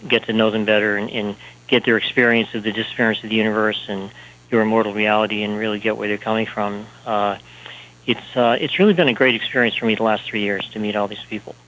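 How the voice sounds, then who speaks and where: Halting low-voiced man on a dull line. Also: steady tone, fairly bright tone, a little hiss or hum. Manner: halting, many fillers and restarts. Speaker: author and speaker, guest. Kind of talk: interview talk.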